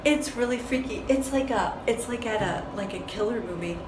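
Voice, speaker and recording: A woman's voice: fairly high pitch, normal speed. Bubbly, giggly woman in her forties. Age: 40s. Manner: bubbly and chatty, giggles often. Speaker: vlogger. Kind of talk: casual vlog chat to viewers.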